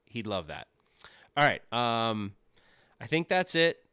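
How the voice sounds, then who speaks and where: A male livestream host chatting casually from his home office, rambling, joking and laughing at himself. His pitch swings around a lot as he talks. The sound is dry, with no room echo. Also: sing-song, slow, bright, forceful tone, clean tone. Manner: rambling, joking, self-deprecating, often laughing.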